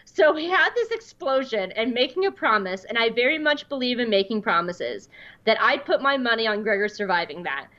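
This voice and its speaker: A woman's voice: a little high, sing-song, fairly quick, bright, forceful tone, highs cut off. A woman hosting casual commentary, chatty and full of fillers, reading quotes aloud.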